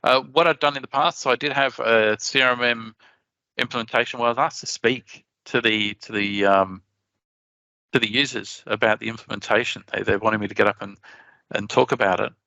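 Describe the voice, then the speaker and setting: An Australian man giving a conference talk in a chatty, animated way, often restarting his sentences. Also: medium pitch, fairly quick, creaky, dry recording, lo-fi sound. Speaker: conference presenter.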